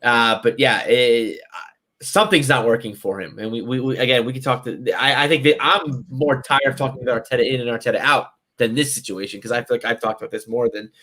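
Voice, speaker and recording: A man's voice: mid-range voice, fast talker, bright, forceful tone. A man guesting on a football podcast, talking in a loose, rambling way with lots of "you know". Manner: rambling, full of fillers and restarts, easygoing. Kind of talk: casual football chat.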